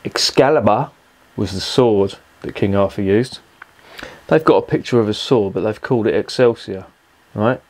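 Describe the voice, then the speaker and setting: A man's voice: fairly low pitch, moderate pace, darkish tone. A man reviewing a beer in a rambling, profane, exasperated rant. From England. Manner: swears constantly, rambling and exasperated.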